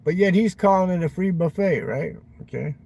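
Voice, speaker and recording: A man's voice: sits high, moderate pace, creaky, warm tone, breathy edge, low-quality recording. A man live-streaming from his parked car at night, rambling crudely and swearing a lot.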